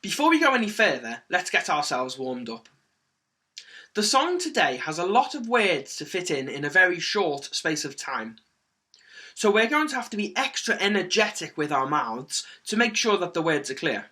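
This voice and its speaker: A man leading a children's singing lesson, speaking clearly and encouragingly with lots of energy. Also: high voice, very animated, normal speed, pushed and bright. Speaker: music teacher.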